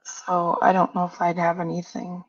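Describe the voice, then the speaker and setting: A woman's voice: lowish voice, monotone, moderate pace, muffled recording. A woman hosting a casual livestream chat, blunt and outspoken in manner. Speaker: livestream host.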